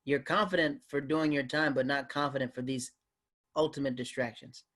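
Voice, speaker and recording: Man, comedian guest, casual stories, lively, mid-pitched voice. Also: moderate pace. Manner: animated, acts out other people's voices. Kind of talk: casual storytelling in a podcast interview.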